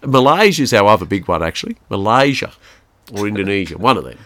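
A man's voice: fairly low pitch, sing-song, quick pace, fairly bright tone, dry recording. A middle-aged Australian man, co-hosting a podcast, chatting casually and rambling through stories with his son. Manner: rambling, chatty storyteller with laughs. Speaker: podcast co-host and father. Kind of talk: casual chat.

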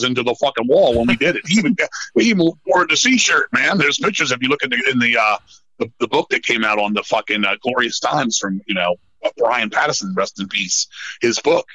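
A middle-aged man telling stories in a casual podcast chat, swearing often and rambling in an animated way. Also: mid-range voice, dry recording, rough recording. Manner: profane, animated, rambling storyteller. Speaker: podcast guest, metal musician.

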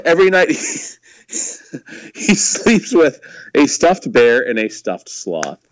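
A man's voice: fairly high pitch, huge pitch swings, slow, no room sound, rough recording. A man co-hosting a podcast, rambling and laughing a lot as he swears his way through casual wrestling chat. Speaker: podcast co-host.

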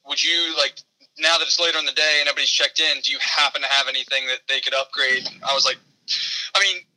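A man's voice: medium pitch, steady tone, fast, pushed and bright, low-quality recording. A man calling in to a radio show, telling a story in a laid-back, profane way. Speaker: caller. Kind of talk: casual phone-in chat.

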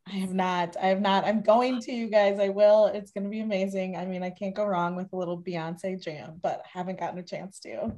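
A woman's voice: medium pitch, fairly even intonation, mellow. A woman co-hosting a podcast, chatting casually and laughing often. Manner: giggly, quick to laugh. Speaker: podcast co-host. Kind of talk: casual chat.

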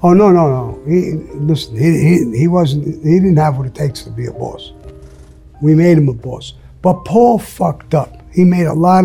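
Blunt profane man telling stories, dark husky voice. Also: a little high. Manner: profane, blunt storyteller who acts out quotes. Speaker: interview guest. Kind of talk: storytelling in casual interview.

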